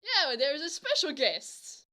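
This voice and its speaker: A woman's voice: high voice, very animated, measured pace, pushed and bright, voice pushed up, exaggerated voice. A woman voicing a mysterious young girl who is playful and coaxing. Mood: cheerful.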